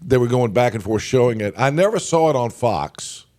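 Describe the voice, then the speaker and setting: A male morning radio host, hoarse from a cold, chatting casually and rambling with many fillers. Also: medium pitch, animated, moderate pace, a little mellow. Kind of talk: casual morning show banter.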